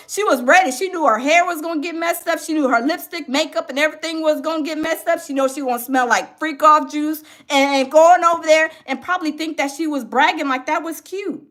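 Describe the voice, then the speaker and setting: A woman hosting a gossip reaction show, animated and laughing as she talks straight to her viewers. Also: sits high, fairly quick, few pauses. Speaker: commentary host.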